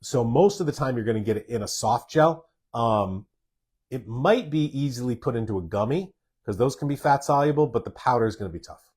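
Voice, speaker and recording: A man with a mid-range, darkish voice and a breathy edge speaks briskly and expressively. As a doctor in a live Q&A, he reads viewer comments aloud and answers each one plainly and directly.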